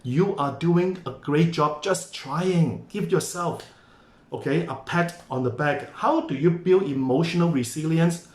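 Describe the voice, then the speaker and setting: A man's voice: fairly high pitch, measured pace, a little mellow. A man giving an enthusiastic motivational talk, coaxing listeners to join in. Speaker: motivational speaker. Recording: echoey room.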